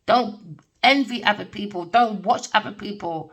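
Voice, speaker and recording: A woman's voice: mid-range voice, moderate pace, breathy edge. A middle-aged woman giving a rambling spiritual tarot reading, blunt and swearing freely, often breaking into laughter. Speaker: tarot reader. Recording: voice distant from the mic.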